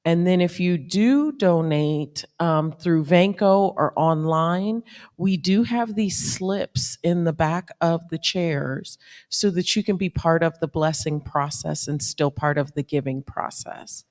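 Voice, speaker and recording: A woman's voice: lowish voice, takes it slowly, darkish tone. A woman board president making informal announcements in a church. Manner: plain, informal, with fillers. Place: church sanctuary. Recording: long church reverb.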